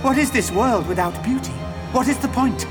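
An obsessive aesthete in an audio drama, fervent and rushing. His voice sits high. Loud music swells behind him. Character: obsessive aesthete man raving about beauty.

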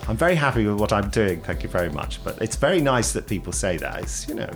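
A British man hosting a podcast in a jokey, rambling way, often breaking into giggles. His voice sits on the low side but swings up and down with lively energy. A faint bed of music plays underneath. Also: fast. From Britain. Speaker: podcast host. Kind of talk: casual podcast chat.

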